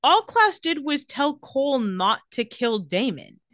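A woman co-hosting a casual podcast recap, talking in an animated way, acting out quoted lines and laughing often. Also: high-pitched, a little slow, no room sound, studio quality. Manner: animated, acts out quotes with a bad British accent, laughs often. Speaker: podcast co-host recapping a TV episode. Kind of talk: casual chat.

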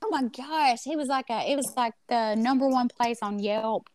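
A woman from Mississippi with a Mississippi Southern accent, telling animated stories as a podcast guest, acting out the people she quotes and often restarting her sentences. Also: on the high side, normal speed. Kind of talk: casual storytelling chat.

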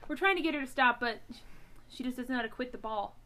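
A woman's voice: high-pitched, fast talker, pushed and bright. A young woman hosting a casual family podcast from home, jokey and rambling, laughing often. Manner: giggly, jokey, rambling with many fillers. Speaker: podcast host.

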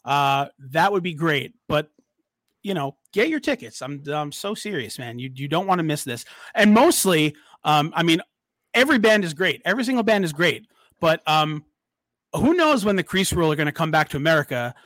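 An excited male podcast host who talks in a loose, casual way, full of ums and hype. His voice sits a little high and sounds bright and forceful, recorded close and dry. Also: moderate pace, dry recording. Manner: excited, hyped promo talk. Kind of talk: casual chat.

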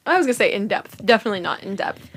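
A young woman co-hosting a podcast in casual chat, animated and quick to laugh. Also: medium pitch, slight background noise. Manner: animated, laughs until crying, lots of "like". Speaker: podcast co-host.

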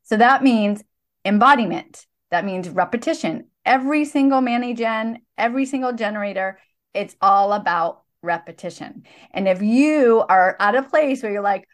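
A woman's voice: a little high, lively intonation, normal speed. A woman co-hosting a podcast, talking earnestly and explaining in a casual chat. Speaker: podcast co-host.

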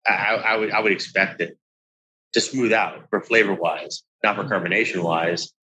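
A man's voice: on the low side, fairly even intonation, moderate pace, background noise. A man co-hosting a casual podcast, asking and weighing questions thoughtfully. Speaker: podcast co-host.

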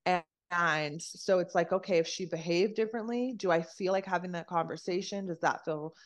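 Woman, podcast guest, lower register, relaxed advice-giving chat peppered with fillers and the odd swear. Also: moderate pace. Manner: chatty, filler-heavy, swears casually, acts out inner questions. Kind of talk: casual conversational advice.

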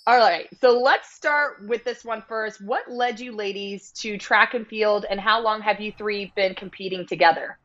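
A woman co-hosting a track podcast, her voice slightly hoarse. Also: medium pitch, fairly even intonation, normal speed, hardly any pauses, fairly bright tone, muffled recording. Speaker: podcast co-host. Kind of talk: sports podcast chat.

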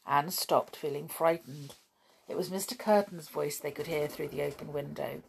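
Woman narrating a storybook in a low voice. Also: fairly even intonation, normal speed, creaky, slightly rough. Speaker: audiobook reader.

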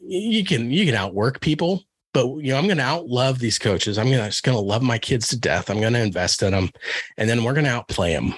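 A low-voiced man from Kansas, a wrestling coach, talks earnestly in a relaxed interview. He often restarts his sentences and leans on fillers. The recording is dry and close, with no room sound. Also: husky, dry recording. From Kansas, USA. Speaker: wrestling coach and podcast guest. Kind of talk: casual interview chat.

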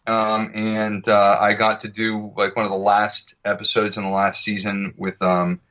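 A man's voice: lowish voice, completely flat delivery, measured pace, a bit bright. An American man, an actor guest on a podcast, chatting casually and telling anecdotes, acting out voices and accents as he goes. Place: podcast recording.

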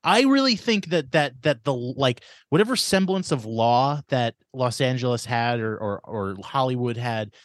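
A man's voice: medium pitch, lively intonation, normal speed, few pauses, dry recording, clean studio sound. Rambling male podcast co-host. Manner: rambling anecdotes with many restarts. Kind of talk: casual chat. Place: Los Angeles.

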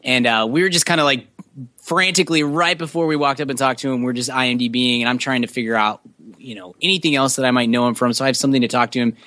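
Bright-voiced eager podcast co-host. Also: male voice, mid-range voice, fast talker, dry recording. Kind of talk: casual podcast chat.

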